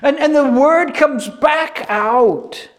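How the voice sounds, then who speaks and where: A male preacher giving a sermon, animated and emphatic, repeating phrases for effect. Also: very high-pitched, takes it slowly.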